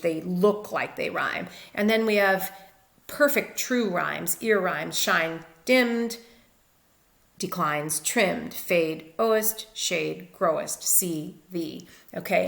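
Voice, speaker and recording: Low, gravelly woman teaching literature. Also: a bit bright, reverberant. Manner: methodical, explanatory. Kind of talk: recorded lecture with slides.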